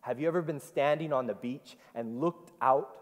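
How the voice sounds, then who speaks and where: A man's voice: medium pitch, normal speed. A man preaching an interactive sermon, repeating the congregation's answers and telling the story with animation. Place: church sanctuary. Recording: long church hall reverb.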